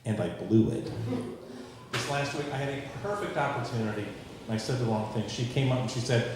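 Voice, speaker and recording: A man in his forties doing a stand-up comedy set, with a dry, self-mocking delivery and dark punchlines. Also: mid-range voice, brisk, noisy background. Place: comedy stage before a live audience. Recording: very echoey live room.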